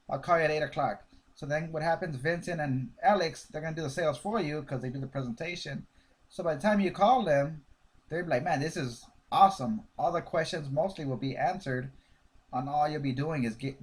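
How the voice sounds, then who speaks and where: Animated man coaching on sales. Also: on the high side. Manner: animated, acts out sales dialogues. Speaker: network marketing coach. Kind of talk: casual sales coaching talk.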